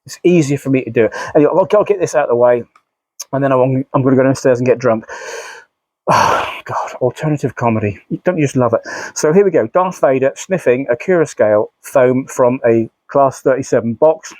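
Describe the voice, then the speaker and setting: A man's voice: mid-range voice, fairly quick, darkish tone, dry recording. A man, a model railway YouTuber, chatting casually in a rambling, self-mocking way with frequent sighs. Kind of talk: casual vlog chat.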